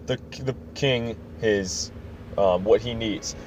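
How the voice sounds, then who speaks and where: A man's voice: mid-range voice, measured pace, darkish tone, soft background music. A man hosting a podcast, recapping a story casually with rambling, self-correcting asides, on a slightly dull recording with faint noise. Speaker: podcast host.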